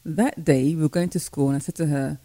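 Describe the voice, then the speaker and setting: A woman sharing a parenting story in a casual faith-based conversation, animated, acting out her own reactions. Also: sits low, a little fast, no room sound. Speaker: parent guest.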